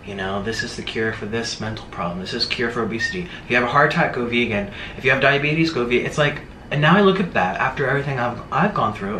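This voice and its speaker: A man's voice: medium pitch, bright, forceful tone, a little hiss or hum. Male mukbang host, chatty ranting delivery with mocking asides, roomy echo. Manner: rambling, emphatic, mocking impressions. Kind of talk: casual rant to camera. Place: room in Bangkok.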